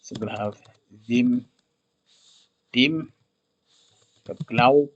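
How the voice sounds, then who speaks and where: This conlang streamer has a medium-pitched voice and talks very slowly, and the recording loses its high frequencies. As he types out his invented language, he reasons aloud and mutters words over and over to try them.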